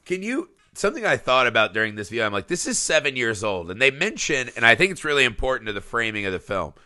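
A man in his thirties co-hosting a casual movie podcast, animated and profane, acting out quotes with big jumps in his voice. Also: medium pitch, fast, dry recording, studio quality. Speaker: podcast co-host.

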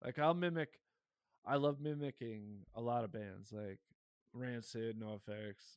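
A man with a Michigan accent, co-hosting a podcast in loose, excitable, profanity-heavy chat. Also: mid-range voice, unhurried, clear, resonant tone, dry recording, clean studio sound. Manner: excitable, swears a lot, laughs often. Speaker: podcast co-host.

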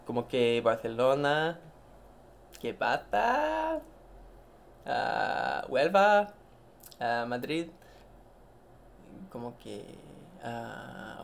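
A man's voice: medium pitch, creaky, slight background noise. A man hosting a solo podcast, rambling in a meandering, self-interrupting, mock-grand way. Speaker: podcast host.

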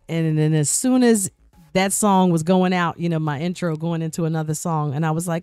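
A woman's voice: deep voice, steady tone, fairly quick, darkish tone, clear, resonant tone, no echo. A woman radio personality guest-hosting a podcast, telling a personal story in a talkative way that repeats words, restarts and acts out quoted voices.

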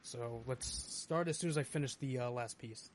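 A man's voice: medium pitch, normal speed, a little hiss or hum. A man hosting a casual chat who groans and swears in pain while eating a very spicy chip. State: in pain from burning spice. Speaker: podcast host.

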